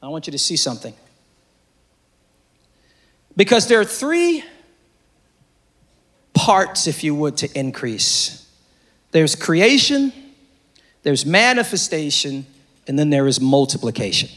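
Man, preacher, high animated voice, sermon, shouts and hushed asides, repeats phrases. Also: slow, long pauses. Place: church service before a congregation.

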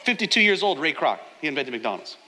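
A male pastor preaching a sermon, moving from soft, tearful storytelling to loud, shouted preaching. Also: a little high, very animated, fast talker. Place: large church hall. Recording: long hall reverb, faint room noise.

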